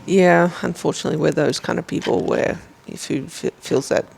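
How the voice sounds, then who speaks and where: Brief: gravelly woman co-host, short supportive replies, faint background noise. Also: low-pitched, steady tone, moderate pace, a little mellow. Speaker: podcast co-host. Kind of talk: casual chat.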